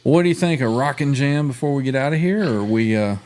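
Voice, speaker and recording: A man's voice: medium pitch, a little fast, very noisy. Easygoing man hosting a guitar livestream. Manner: relaxed, easygoing, runs the jam session. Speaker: livestream host. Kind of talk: casual chat.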